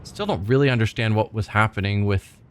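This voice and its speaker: A man's voice: on the low side, brisk, slight background noise. A man hosting a let's play, reading the game's text aloud and commenting on it in a casual, thinking-aloud way.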